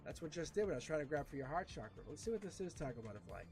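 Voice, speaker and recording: A man giving a casual live tarot reading, animated and repeating himself with frequent restarts. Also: a little high, racing, soft background music. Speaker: tarot reader.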